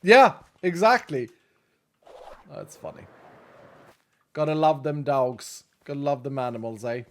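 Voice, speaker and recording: A man's voice: a little high, big pitch swings, unhurried, a bit bright. A man in his thirties chatting casually with his chat while playing a game on stream, laughing often.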